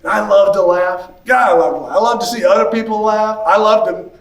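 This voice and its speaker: A man in his fifties, a pastor telling a personal story at a conference. He talks in an animated way and acts out the voices of the people he quotes. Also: sits high, a little fast. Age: 50s. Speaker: pastor and church consultant. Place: large conference hall. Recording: echoey hall, voice from a distance.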